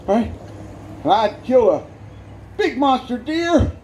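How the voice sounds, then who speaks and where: A man giving a humorous life-story testimony as a guest speaker, animated and often laughing as he tells it. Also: very high voice, takes it slowly, a little hiss or hum.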